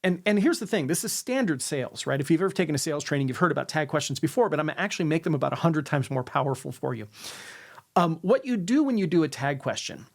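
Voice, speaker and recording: A sales and influence coach with a somewhat raised, expressive and gravelly voice speaks straight to camera in a lesson on persuasion. He demonstrates intonation by deliberately dropping his sentences to a lower note, and he keeps checking in with a tagged "right?".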